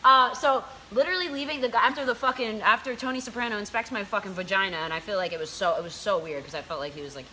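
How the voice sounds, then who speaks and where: Young woman, casual host, rapid talk, profane, animated, background hiss. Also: mid-range voice. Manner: animated, profane, does voices of people in her stories. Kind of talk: casual storytelling chat.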